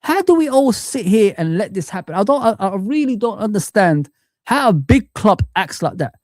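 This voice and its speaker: A man streaming a frustrated football rant, shouting out viewers and calling them guys and man. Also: high voice, very animated, moderate pace, no echo, studio quality. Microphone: streaming mic.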